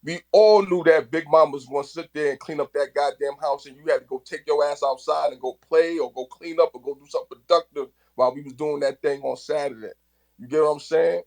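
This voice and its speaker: Fired-up higher-voiced man from the Bronx. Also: fairly even intonation, brisk, gravelly, a little mellow, low-quality recording. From New York, the Bronx. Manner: passionate, repeats words and restarts often. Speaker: speaker in a live audio chat. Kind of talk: casual chat.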